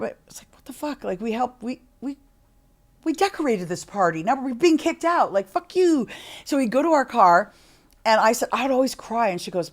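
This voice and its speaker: Middle-aged woman from canada, chatty guest, tells it straight and swears a lot. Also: mid-range voice. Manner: chatty and candid, swears freely. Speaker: podcast guest. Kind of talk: candid interview storytelling.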